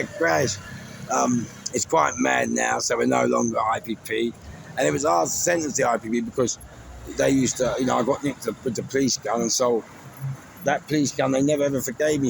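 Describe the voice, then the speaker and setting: Gravelly London man telling stories. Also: mid-range voice. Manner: chatty, rambling, laughs at his own stories. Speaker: storyteller recounting his life. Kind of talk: casual storytelling. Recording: noisy background with traffic.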